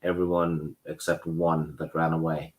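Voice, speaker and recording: Man with a deep voice, a book-club guest who jumps in with extra plot details. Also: level tone, unhurried, darkish tone. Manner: chimes in with added plot points. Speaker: discussion guest. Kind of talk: casual book discussion.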